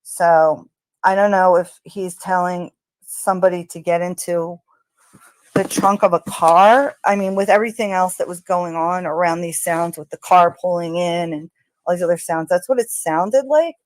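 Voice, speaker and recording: A woman's voice: fairly low pitch, moderate pace, no room sound. A woman narrating her analysis of crime-scene audio, speaking tentatively with fillers and speculation. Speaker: true crime commentator.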